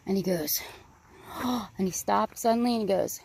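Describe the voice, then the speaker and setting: A woman vlogging as she walks a wooded park trail, chatty, rambling and excitable, a little out of breath. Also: medium pitch, moderate pace, creaky. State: slightly out of breath. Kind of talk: casual walking vlog narration. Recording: outdoor recording, crickets and faint background noise.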